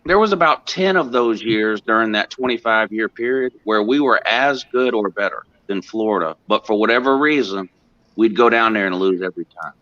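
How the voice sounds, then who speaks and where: A man chatting casually on a show, explaining his points in a measured way. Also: lowish voice, bright, forceful tone, dull audio. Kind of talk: casual chat.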